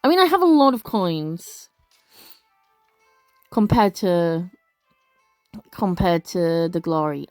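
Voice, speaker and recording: A woman doing casual let's play commentary, reading game text aloud with expressive, gasping reactions and chatty asides. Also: on the low side, slow pace, long pauses, no echo, faint music behind.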